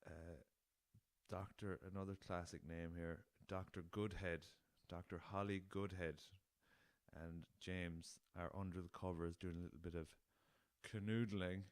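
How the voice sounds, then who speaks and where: Young Irish male podcast host, deep voice, loose and jokey, swears a lot, dry recording. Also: flat delivery, unhurried, dry recording. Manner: laughing at his own jokes, swears freely, rambling. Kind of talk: casual solo podcast chat.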